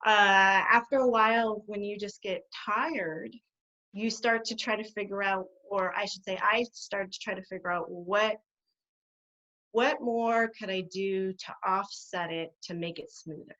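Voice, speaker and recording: A middle-aged woman, a guest behaviour specialist, telling her stories in an animated way and laughing often. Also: medium pitch, unhurried. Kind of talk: conversational interview. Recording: dull lo-fi sound.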